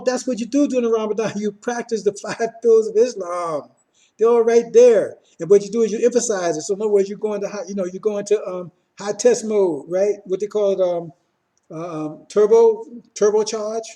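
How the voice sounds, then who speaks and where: Speaking in a high, mellow voice, a man gives an informal religious teaching. He repeats short phrases, restarts frequently, and keeps checking in with "see?"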